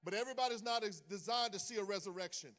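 Man, pastor, very high pitch, sung call-and-response preaching, church. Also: fast talker, fairly bright tone. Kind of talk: sermon. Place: church sanctuary.

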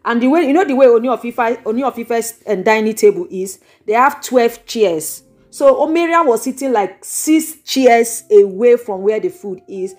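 A woman's voice: fairly high pitch, moderate pace, darkish tone. Nigerian girl doing gossip on her channel, big dramatic exclamations, rambles on. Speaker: YouTube gossip vlogger. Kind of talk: animated gossip storytelling. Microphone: microphone.

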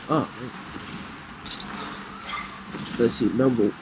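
A man giving excitable let's play commentary, reacting loudly to the plays. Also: mid-range voice, normal speed, long pauses. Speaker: gamer. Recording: noisy with game sounds behind.

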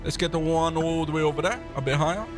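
A male streamer giving excitable gaming livestream commentary, talking to his chat and shouting when he panics. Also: a little high, fast, music in the background.

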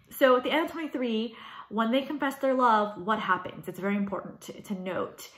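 A woman teacher giving a casual, animated video lecture, talking with lots of fillers. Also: fairly high pitch, normal speed. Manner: chatty and animated, many fillers. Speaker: high school English teacher. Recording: roomy echo.

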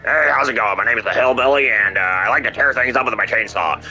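A man's voice: mid-range voice, fast, pushed and bright, soft background music, rough recording. Man doing a cheerful chainsaw hillbilly. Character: friendly chainsaw-wielding hillbilly.

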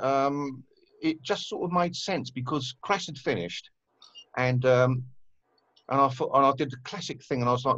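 A man's voice: mid-range voice, steady tone, normal speed, a bit bright, dry recording, muffled recording. A man, a guest telling rambling stories with lots of fillers and swearing in a casual conversation. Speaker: guest musician.

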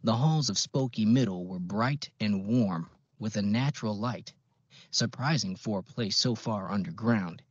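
A man reading a novel aloud as an audiobook narrator, in a measured, even way. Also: on the low side, husky, no echo. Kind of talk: scripted narration. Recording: dull, dry lo-fi recording.

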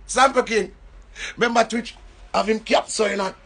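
A man from Jamaica with a Jamaican accent, telling an animated story in casual patois. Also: high-pitched, normal speed. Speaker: entertainer.

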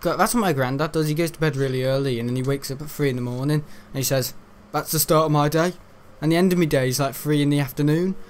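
A man's voice: a little high, fast talker, few pauses, slight background noise. A teenage young man giving rambling, chatty let's-play commentary while he plays, often laughing. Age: teens. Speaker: gaming video host.

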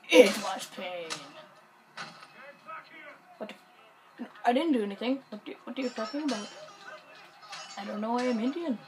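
A woman giving casual gameplay commentary, excitable and jokey, muttering and whispering to herself. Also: a little high, quick pace, pauses often, a crowd in the background, poor audio.

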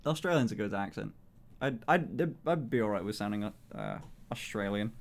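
A British man in a casual live-stream chat, talking in an animated way, swearing a lot and laughing often. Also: fairly low pitch, moderate pace, vocal fry.

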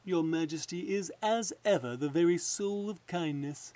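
A man voicing a scheming courtier lord who talks in a smooth, falsely courteous way. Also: a little high, normal speed, mellow, natural voice. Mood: sly.

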